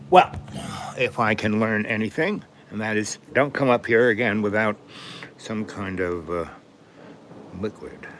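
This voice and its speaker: An older man from New York City rambles through personal stories on his live stream. His voice sits a little low, and he keeps stopping to clear his throat and cough. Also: background noise. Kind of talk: rambling storytelling.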